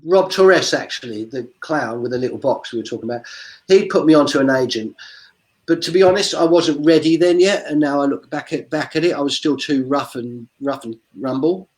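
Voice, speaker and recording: A man's voice: fairly high pitch, a little fast, low-quality recording. A man on a video call, a street performer talking through his career in a chatty, digressive way. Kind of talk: casual video-call interview.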